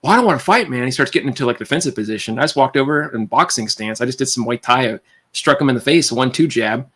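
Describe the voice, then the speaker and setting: A man on a livestream casually telling a personal story, rambling and animated, with restarts and tangents. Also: mid-range voice, fast, slightly rough.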